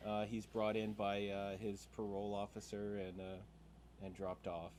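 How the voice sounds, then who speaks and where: A man describing his tabletop character, halting with many fillers. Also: on the low side, completely flat delivery, darkish tone, slight background noise. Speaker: player.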